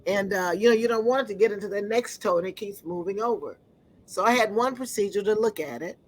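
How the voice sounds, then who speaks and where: A woman's voice: medium pitch, low-quality recording. Earnest woman telling a personal story. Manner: earnest, halting, often searching for words. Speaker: speaker giving a personal testimony. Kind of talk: personal testimony talk.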